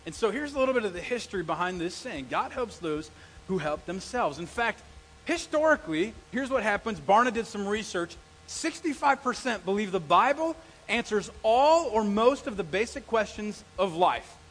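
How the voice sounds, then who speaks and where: A middle-aged male pastor preaching a sermon, telling stories and acting out the quotes with lively energy. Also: high voice, moderate pace, slight background noise, low-quality recording. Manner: animated storytelling with acted-out quotes.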